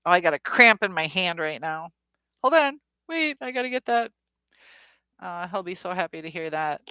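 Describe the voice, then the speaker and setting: A woman's voice: on the low side, expressive, normal speed, sharp tone, clean tone, no echo. Chatty woman host reading live chat. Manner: chatty, reads viewer comments aloud with filler ums.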